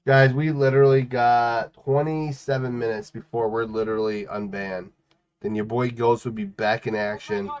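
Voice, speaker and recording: A man casually chatting while streaming a game, playful and teasing, with sudden loud outbursts and sing-song scatting. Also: medium pitch, steady tone, moderate pace, smooth. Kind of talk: casual gaming stream chat. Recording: muffled lo-fi stream audio.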